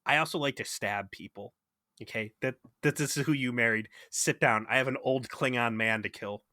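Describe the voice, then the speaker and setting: A man's voice: mid-range voice, normal speed, sharp tone, no echo, studio quality, lightly acted. A man voicing a brash, cocky male starship pilot who brags about his convict past, with a swaggering, profane delivery. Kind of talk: comic impression in podcast banter.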